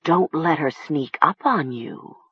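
A reader voicing a soft, commanding voice that speaks inside a girl's head and gives her slow, hushed orders. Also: medium pitch, animated, husky, no room sound, highs cut off, heavily acted. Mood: cold commanding. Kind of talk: audiobook reading.

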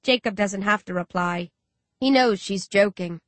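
A woman's voice: a little slow, dry recording. A woman narrating a story aloud. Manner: voices each character with small pitch shifts. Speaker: audiobook narrator. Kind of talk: first-person audiobook narration.

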